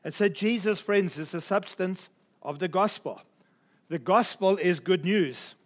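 A man with a notably high-pitched voice preaching a morning sermon. He talks emphatically, repeats key phrases and slows right down to stress the scripture he quotes.

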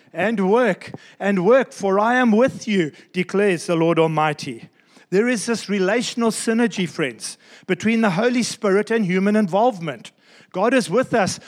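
A man preaching a sermon as pastor, emphatic and repeating key phrases, slowing down to stress his points. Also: high-pitched.

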